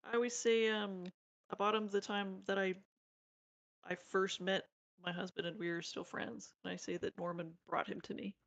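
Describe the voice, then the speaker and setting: Young woman streamer, chatty and rambling, steady mid voice, audible background noise. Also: medium pitch, moderate pace, creaky, highs cut off. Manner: rambling, filler-heavy storytelling. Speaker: streamer co-host. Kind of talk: casual chat while building model kits.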